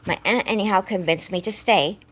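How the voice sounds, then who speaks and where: A woman's voice: medium pitch, brisk, fairly bright tone. A young woman vlogger telling a distressing personal story to her viewers in a rambling, upset way, close to tears. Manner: distressed, rambling, breaks off to scold her dog.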